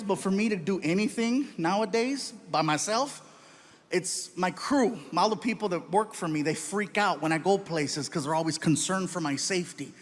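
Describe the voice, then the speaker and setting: A middle-aged man doing stand-up on a live stage, telling exaggerated stories and punchlines. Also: sits high. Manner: animated, exaggerated storytelling with punchlines. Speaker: stand-up comedian.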